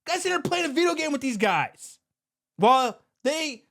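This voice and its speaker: Animated man breaking down an incident. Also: very high voice, moderate pace. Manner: animated, conversational, repeats himself. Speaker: security company owner. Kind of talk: commentary podcast.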